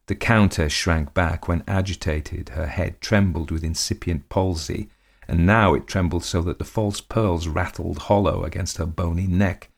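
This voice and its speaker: Male narrator, very low voice, measured dramatic storyteller for a period tale. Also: fairly even intonation, gravelly.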